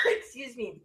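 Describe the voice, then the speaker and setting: A woman co-hosting a radio show, chatting easily and giggling often. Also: high-pitched. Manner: giggly, easygoing, trails off. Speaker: radio co-host. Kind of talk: casual radio banter.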